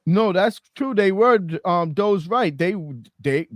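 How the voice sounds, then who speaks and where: A man with a Boston accent hosting a casual sports podcast, animated and quick to agree, often repeating his words. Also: sits high. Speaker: podcast host.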